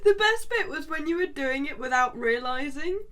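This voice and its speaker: High-voiced woman, giggly and teasing. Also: lively intonation, normal speed, crowd noise. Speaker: podcast co-host. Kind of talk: casual podcast chat.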